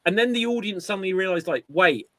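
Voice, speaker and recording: A man co-hosting a casual podcast chat, telling an animated story and acting out quotes. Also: fairly high pitch, normal speed, no echo. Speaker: podcast co-host.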